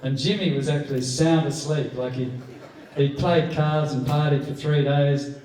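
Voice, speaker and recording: A man's voice: fairly even intonation, normal speed, a little mellow. A man in his sixties with an Australian accent, doing rambling stand-up with poker anecdotes in a club room. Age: 60s. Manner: rambling anecdotal storytelling, jumps up high to act out quoted people. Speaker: stand-up comedian. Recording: echoey room heard from a distance.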